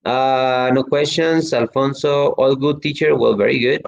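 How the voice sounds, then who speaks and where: English teacher guy, rambly and chatty, lots of um and well, middle pitch, kinda muffled audio. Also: steady tone, measured pace, gravelly. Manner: chatty, lots of fillers and restarts. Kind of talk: online class, reading student chat.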